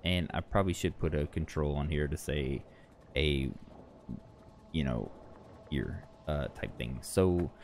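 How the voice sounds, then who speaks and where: A man with a very low, gravelly voice talks through his game session in a loose, rambling way, doubling back on what he just said. He sounds worn out and on the edge of yawning, with a faint hiss sitting under the recording. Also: a little slow, long pauses, darkish tone. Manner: rambling, self-correcting, chatty. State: tired, yawning. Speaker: gaming channel host. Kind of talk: casual gameplay commentary.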